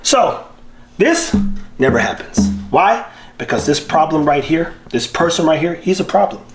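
Animated, slangy man with a lively voice. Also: a little high, moderate pace, soft background music. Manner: animated, slangy, laughs often. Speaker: dog breeder and channel host. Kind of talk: casual talk to camera.

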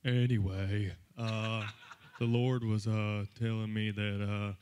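A man's voice: lowish voice, level tone, takes it slowly, darkish tone, slight background noise. A man playing an older churchman who stumbles and laughs through his words, in an impression for the congregation. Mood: stumbling.

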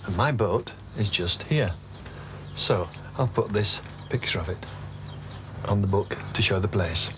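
A man presenting a children's TV show, talking gently and chattily as he explains things to children. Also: fairly low pitch, measured pace, heavy background noise.

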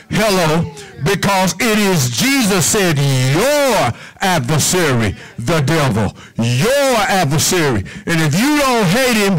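High-voiced preacher man, rhythmic sermon. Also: fairly bright tone, rough recording. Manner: rhythmic, call-and-response preaching.

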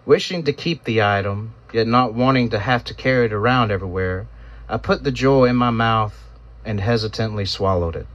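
A low-voiced man reads a first-person story aloud in a solemn, measured way. The recording sounds dull and lo-fi. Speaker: narrator. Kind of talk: first-person audiobook narration.

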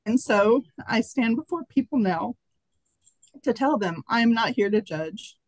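A woman reading a personal piece aloud, emotional and halting. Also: fairly high pitch, lively intonation, dry recording, low-quality recording. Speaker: workshop participant reading her writing. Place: conference workshop room.

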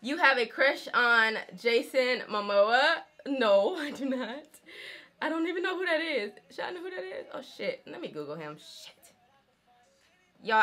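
A woman's voice: on the high side, sharp tone. A woman, chatting casually to her viewers, laughing often and calling them y'all. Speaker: vlogger. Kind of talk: casual chat while doing her hair.

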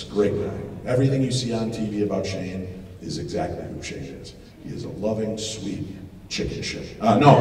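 A middle-aged man telling animated, joking stories to a live audience as a paranormal TV host, with loud outbursts. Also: medium pitch. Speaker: paranormal TV host giving a lecture. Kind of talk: storytelling talk to a live audience. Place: large expo hall. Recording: echoey hall, distant mic, noisy.

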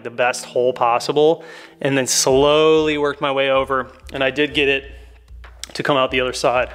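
A man's voice: fairly high pitch, fairly bright tone, clean tone. A young man giving a casual, upbeat step-by-step car install tutorial. He chats to viewers while working inside a car. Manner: chatty, upbeat, addresses viewers as guys. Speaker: car modification vlogger.

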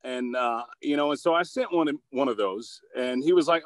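A man's voice: medium pitch, normal speed, no room sound. Upbeat, goofy male voice actor. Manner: upbeat and goofy, with many fillers and repeated starts. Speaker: voice actor and commercial producer. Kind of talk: casual interview answers.

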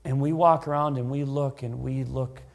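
Gravelly-voiced preaching pastor. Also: male voice, medium pitch, fairly even intonation, moderate pace. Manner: dramatic, shifting between loud and hushed preaching. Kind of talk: sermon. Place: church.

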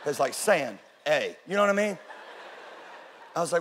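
Texan pastor preaching in a hall. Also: male voice, a little high, sing-song, fairly quick, pauses often, slight background noise. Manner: storytelling, rises to loud preaching peaks. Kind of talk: sermon. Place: church auditorium. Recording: large room with long reverb.

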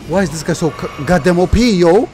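A young man commentating his own gameplay in a lively voice that jumps from low grumbles to high yelps. He sounds exasperated, ranting at the game and cursing mildly, with music playing behind him. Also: brisk. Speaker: gaming YouTuber.

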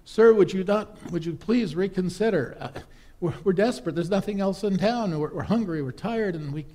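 Weary male vagabond, as a preacher acts him out, polite, halting, begging. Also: high-pitched, dark tone, voice pushed up, lightly acted. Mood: pleading. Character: tired, hungry male vagabond pleading for food and a room.

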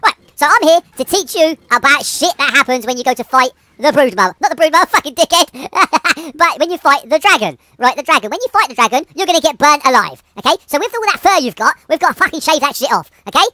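A woman's voice: sits high, expressive, fast talker, few pauses, bright, forceful tone, dry recording, clean studio sound. Sweary, laughing British woman gamer. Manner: swears freely, laughs often, exasperated. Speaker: gaming channel host. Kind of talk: casual game commentary.

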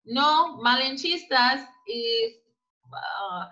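Woman guest, higher pitch, bright forceful tone, emphatic storyteller. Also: extremely slow, muffled recording. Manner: emphatic, animated storytelling with acted-out quotes. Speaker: guest, immigrant business owner. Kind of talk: conversational interview.

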